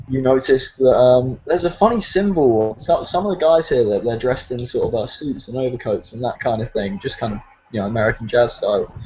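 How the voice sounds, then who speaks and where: A man's voice: mid-range voice, a little mellow, breathy edge, lo-fi sound. A man with a British accent narrating as game master, rambling with many fillers.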